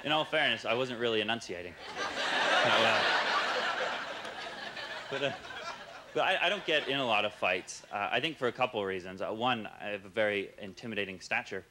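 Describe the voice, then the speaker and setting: A young man with a Canadian accent doing a halting, deadpan stand-up set, full of uhs and restarts. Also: lowish voice. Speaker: stand-up comedian. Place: comedy club stage with audience laughing. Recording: live stage recording with noisy room.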